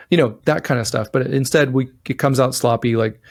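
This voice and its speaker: Gravelly man giving relationship advice. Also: medium pitch, fairly quick, hardly any pauses. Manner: rambling, acts out partners' lines in shifting voices. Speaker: podcast co-host. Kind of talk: casual relationship advice chat.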